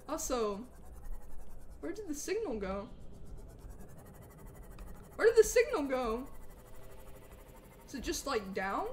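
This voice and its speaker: A woman streaming a game live, excitable and chatting with viewers, with hiccups. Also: high voice, slow pace, long pauses, a little hiss or hum. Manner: excitable, talks to chat, frequent outbursts. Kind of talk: live gameplay commentary.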